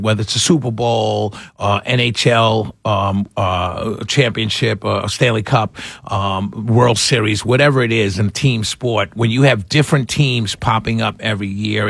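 A man's voice: fairly low pitch, gravelly, fairly bright tone, husky, no echo, clean studio sound. A man from New York City, hosting a casual monologue and chatting through a story with lots of fillers and restarts.

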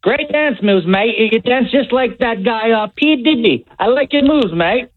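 Brief: caller putting on an over-the-top Australian accent, drawling, phone-quality audio. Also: male voice, very high-pitched, animated, moderate pace. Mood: hammy. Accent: put-on Australian. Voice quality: hammy, drawled mates and good days. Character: man faking a broad Australian bloke. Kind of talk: phone-in bit on radio. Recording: tinny phone line.

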